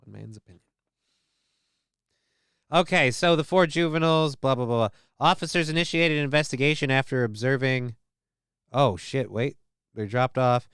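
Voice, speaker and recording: A man's voice: a little high, fairly bright tone, clear, resonant tone, no echo, studio quality. A man hosting a casual news show, reading stories aloud and riffing on them with irreverent, profane asides. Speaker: show host.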